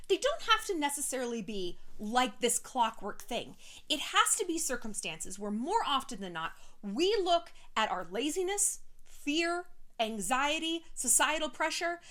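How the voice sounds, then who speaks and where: A woman in her thirties gives a motivational self-help talk straight to her viewers, blunt and peppered with swearing. Her voice sits a little high and swings widely from line to line, with quick bursts of playful put-on voices. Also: a bit bright. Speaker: vlogger.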